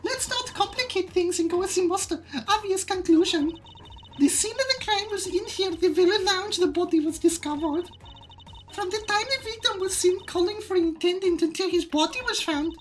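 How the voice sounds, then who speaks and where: Squeaky, arrogant German prosecutor girl for a game readthrough. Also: moderate pace, slight background noise. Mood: haughty. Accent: put-on German. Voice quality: squeaky, exaggerated. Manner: imperious, cartoonish. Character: haughty young female prosecutor, squeaky and arrogant.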